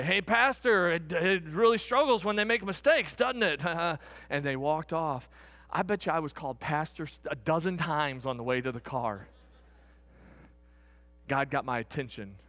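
A middle-aged pastor with a medium-pitched voice tells a story during a sermon. He's animated, swinging between shouts and hushed tones.

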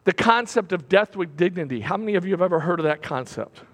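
A man preaching a sermon from a church platform, swinging between loud bursts and hushed, repeated phrases. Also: high-pitched, lively intonation, quick pace. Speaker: pastor. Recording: long hall reverb.

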